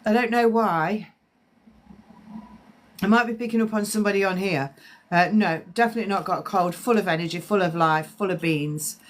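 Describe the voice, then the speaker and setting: This woman speaks in a mid-range voice at a moderate pace, sounding slightly congested. A psychic medium, she chats and rambles through live-stream spiritual readings while answering viewers' comments.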